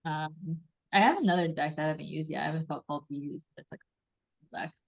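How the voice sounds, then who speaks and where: A woman hosting a live card reading, enthusiastic and animated, acting out little quoted voices as she coaches. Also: low voice, fast talker, creaky, highs cut off. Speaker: host and intuitive reader.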